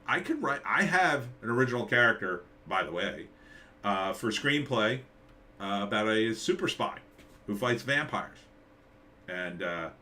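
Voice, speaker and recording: Sarcastic rambling man, bright voice. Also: medium pitch, slight background noise. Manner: rambling, sarcastic, reads chat names aloud. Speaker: live stream host. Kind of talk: casual live-stream commentary.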